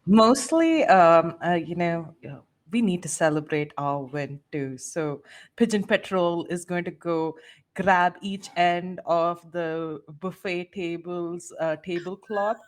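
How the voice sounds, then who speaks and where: A woman player in a tabletop game, speaking slowly in a slightly low voice. She drawls out her ideas and breaks into giggles. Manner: giggly, unhurried.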